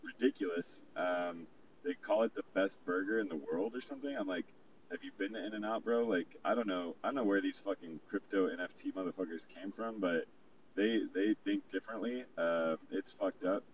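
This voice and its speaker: Deep, profane man on a muffled distant mic. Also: normal speed, slight background noise. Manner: profane, rambling storytelling. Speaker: guest recounting a party. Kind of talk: casual chat. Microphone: remote call mic.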